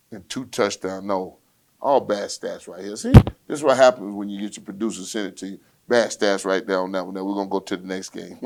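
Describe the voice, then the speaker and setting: A fairly low-voiced man runs through the week's football on his own podcast. He talks loud and swaggering, throwing trash talk straight at his listeners. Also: gravelly. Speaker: podcast host. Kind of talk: solo sports rundown, casual and brash.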